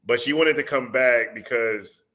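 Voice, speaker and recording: Male podcast guest, forceful bright tone, spins anecdotes and laughs a lot. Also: medium pitch, unhurried. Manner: storyteller who acts out quotes, laughs often. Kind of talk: casual podcast chat.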